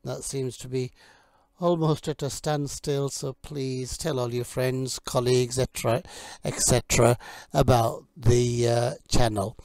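Guy teaching kitchen words, says each one slow and careful, lots of uhs, warm dark tone. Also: mid-range voice, little pitch movement, dry recording. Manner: slow, deliberate word drills with many fillers. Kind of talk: vocabulary lesson for learners.

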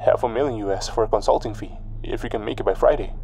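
A middle-aged male archaeologist in a horror story, as a gravelly male narrator puts him on, speaking low and hushed with a pressing, needling edge. The voice sits slightly low with a rough, fried grain. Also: fast talker, faint music behind, natural voice. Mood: urgent.

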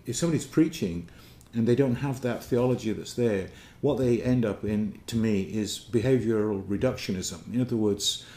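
Man, informal lecture, mellow dark tone, searching for words, echoey room. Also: lowish voice. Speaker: speaker giving a talk on theology. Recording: roomy echo.

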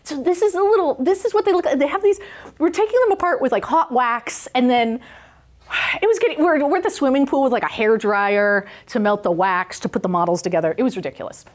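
A woman's voice: sits high, a little fast. A woman professor giving a public science talk in an enthusiastic, jokey, storytelling way. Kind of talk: lively science lecture to a club. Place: in-person talk in a meeting hall.

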